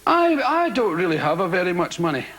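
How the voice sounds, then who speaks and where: Lively Scottish man telling stage stories. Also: high voice, brisk, heavy background noise. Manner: animated, rambling, mock-indignant. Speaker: stand-up comedian. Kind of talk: stand-up storytelling to a live audience. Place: stage of a large theatre. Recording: live theatre audience, loud laughter.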